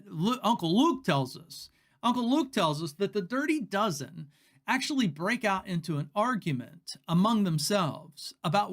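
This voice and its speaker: A man teaching the Bible in a casual, folksy way, chatty and laughing at his own jokes. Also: high-pitched.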